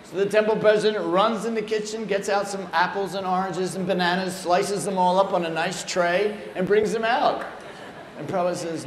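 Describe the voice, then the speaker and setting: A man telling humorous anecdotes at a temple talk in an animated, playful way. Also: high voice, normal speed. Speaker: speaker at a temple. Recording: echoey room, faint noise.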